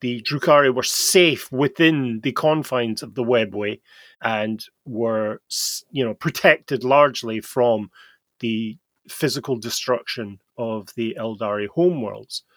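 Slow, dry-voiced man explaining lore. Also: medium pitch, fairly bright tone, dry recording. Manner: slow, explanatory storytelling with fillers. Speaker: podcast host explaining game lore. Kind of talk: casual podcast chat.

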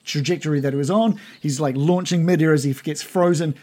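A man running a tabletop game, describing the scene at an easy pace. He pauses with plenty of ums and uhs as he narrates. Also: a little high. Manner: relaxed, with many fillers. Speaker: game master.

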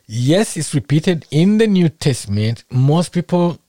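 A man preaching a sermon in a conversational, animated way, acting out little scenes as he goes. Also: a little high, measured pace, no room sound, studio quality.

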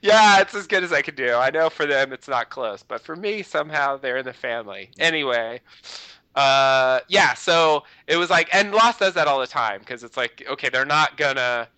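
A man talks casually on a podcast, circling back with constant "you know"s. His voice is very bright and crisp, recorded dry and close with no room sound. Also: medium pitch, animated, moderate pace, dry recording, poor audio. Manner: rambling, lots of "you know" fillers. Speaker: podcast co-host. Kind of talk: casual chat.

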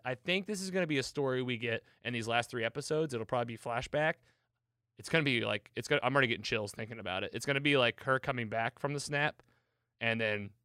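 A man hosting a casual show, recapping an episode in an excitable, chatty way with lots of fillers. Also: medium pitch, smooth, no room sound, studio quality. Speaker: podcast host.

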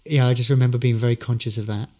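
A man's voice: medium pitch, fairly even intonation, rapid-fire, dark tone. Rambling man telling stage stories. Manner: good-humoured, rambling storyteller. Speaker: actor, podcast guest. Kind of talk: casual interview anecdotes.

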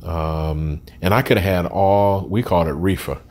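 A man's voice: low voice, normal speed, darkish tone. A man in his sixties telling his life story as an interview guest, candid and plain-spoken with frequent ums and restarts. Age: 60s.

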